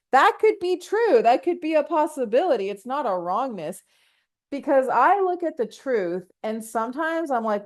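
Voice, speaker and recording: A woman with a fairly high voice runs a solo podcast, speaking a little slowly in a loose, rambling way. She laughs a lot and acts out quotes with lively rises and falls.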